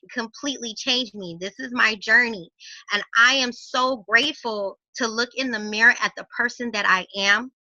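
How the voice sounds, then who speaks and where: Woman, fairly high voice, sharp timbre, motivational testimony delivered earnestly. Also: normal speed, no room sound, muffled recording. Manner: earnest, uplifting, preacher-like. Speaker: guest speaker.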